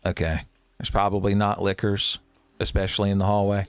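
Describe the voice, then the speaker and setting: Man hosting a let's play; quick jokes, sudden high yelps, clean dry mic. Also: smooth, no echo. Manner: jokey, swings into high excited yelps. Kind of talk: playful gameplay commentary.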